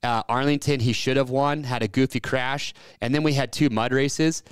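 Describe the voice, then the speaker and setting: A man co-hosting a racing talk show in a smooth, resonant voice. He makes his case at length, circles back and restarts his sentences as he thinks aloud. The sound is close and dry. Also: medium pitch, fairly even intonation, normal speed, no echo. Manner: opinionated, rambling, restarts his thoughts. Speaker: fantasy racing show co-host. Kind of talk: casual sports chat.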